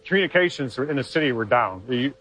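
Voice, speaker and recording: A man telling a personal story in an interview, earnest and halting, with frequent restarts. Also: mid-range voice, animated, a bit bright, poor audio. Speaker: interviewee, former Marine.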